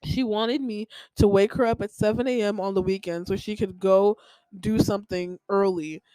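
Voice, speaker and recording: A woman's voice: medium pitch, steady tone, normal speed, mellow, clean tone, no room sound, rough recording. A young woman hosting a podcast, telling a personal story in a rambling, heated way with lots of filler words. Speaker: podcast host.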